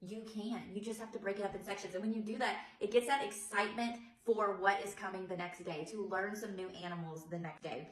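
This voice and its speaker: A woman's voice: medium pitch, steady tone, brisk, hardly any pauses. Woman, preschool teacher, sing-song read-aloud with exaggerated yawns, echoey room. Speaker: early childhood teacher.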